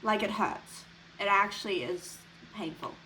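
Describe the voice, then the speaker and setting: A young woman co-hosting a casual chat podcast, speaking in an earnest, halting way. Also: mid-range voice, bright, forceful tone, a little hiss or hum, rough recording. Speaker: podcast co-host.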